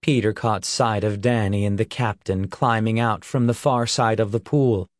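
A man reading an audiobook in a measured, deliberate storytelling manner. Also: on the low side, steady tone, dry recording, clean studio sound. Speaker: audiobook narrator. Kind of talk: scripted narration.

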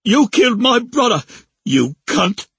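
A woman voicing a foul-mouthed, defiant young male thug in an audiobook, with rough street talk and a raspy edge. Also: medium pitch, very animated, a little slow, a bit bright, dry recording, heavily acted. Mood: panicked, furious. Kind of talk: audiobook character voice.

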